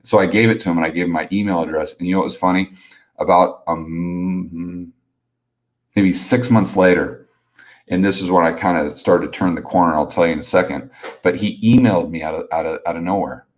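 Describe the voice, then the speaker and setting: Man, very low voice, middle-aged, casual live-stream storytelling, rambling, lots of fillers. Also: steady tone, brisk. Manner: rambling, many restarts and filler phrases. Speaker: host telling a personal story.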